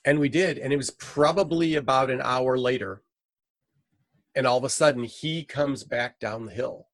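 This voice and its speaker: A man's voice: mid-range voice, normal speed, no echo. A middle-aged man, a missionary guest, telling a story in conversation and acting out the quoted lines with energy. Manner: animated, acts out quoted dialogue.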